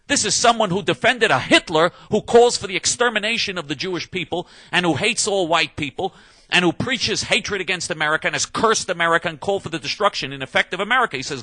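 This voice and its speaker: Angry ranting man, bright edge. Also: high voice, animated, quick pace, no echo. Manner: angry, combative, emphatic with repeated restarts. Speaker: political commentator. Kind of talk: heated monologue rant.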